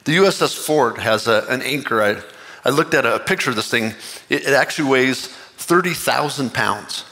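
A man preaching a sermon, impassioned and earnest, with excited rising bursts. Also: medium pitch, in a large hall. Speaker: pastor.

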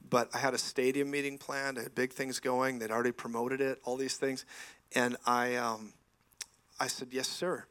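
Guy in his 40s preaching at church, excited, keeps laughing and saying praise god, mid-pitched voice. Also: moderate pace, smooth. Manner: enthusiastic, laughing asides, frequent praise interjections. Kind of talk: lively sermon with stories. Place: church sanctuary.

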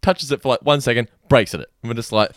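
A young man in casual chat as a podcast co-host, telling animated anecdotes and laughing often. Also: mid-range voice, fast, dry recording, studio quality.

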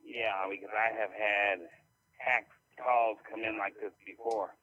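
A man's voice: on the low side, little pitch movement, measured pace, pushed and bright. Defensive man on a muffled phone line. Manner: defensive, stubborn. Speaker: call recipient. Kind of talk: phone call.

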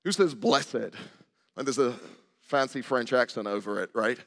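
A man's voice: medium pitch, lively intonation, fairly quick, fairly bright tone. An older male preacher giving a conversational sermon in a church, asking the congregation questions and joking with them. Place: church sanctuary. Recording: long hall reverb.

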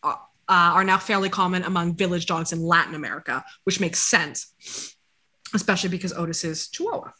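A woman's voice: lowish voice, a little fast, sharp tone. A woman chatting casually as she reads out her dog's DNA results, making jokey asides to her dog. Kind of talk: casual chat.

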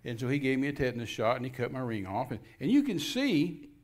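A minister telling a lively personal story as a talk show guest, acting out the scenes as he goes. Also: mid-range voice, fast talker. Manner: animated storyteller, acts out scenes.

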